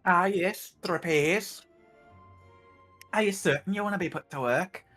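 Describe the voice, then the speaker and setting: Woman doing a scouse young guy, friendly grandson type, lowish voice, music behind. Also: measured pace, fairly bright tone. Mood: surprised. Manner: chatty and polite, bursts of hearty exclamation. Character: cheery young male townsman, helpful grandson. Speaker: streamer voicing game dialogue. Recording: background music under the voice.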